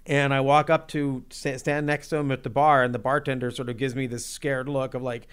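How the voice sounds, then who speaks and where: A man casually telling a personal story about being a musician, in an excitable, self-deprecating way with lots of "like". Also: mid-range voice, fairly quick, smooth.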